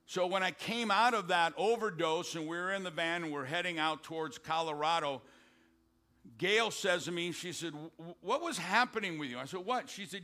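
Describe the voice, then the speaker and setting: An older man preaching from the pulpit with a high, bright, forceful voice. He surges into loud exhortation, then drops low and quiet to tell a story. This is a full-blown sermon. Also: moderate pace. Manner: swings between loud exhortation and hushed storytelling. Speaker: pastor.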